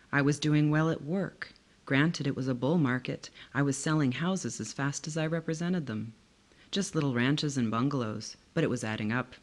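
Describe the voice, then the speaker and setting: Woman, author, reading her own novel aloud, measured, expressive literary reading. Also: low voice.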